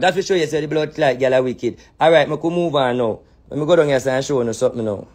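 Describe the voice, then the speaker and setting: Husky, slightly high-voiced Jamaican man with heavy patois, animated and profane, vlogging as a spiritual reader. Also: fast. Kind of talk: casual vlog commentary.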